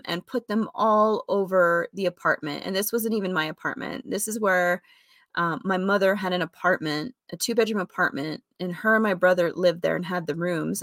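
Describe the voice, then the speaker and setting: Woman rambling thru a personal story, kinda low voice, keeps correcting herself, dry close sound. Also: dry recording. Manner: rambling, self-correcting, with fillers and soft laughs.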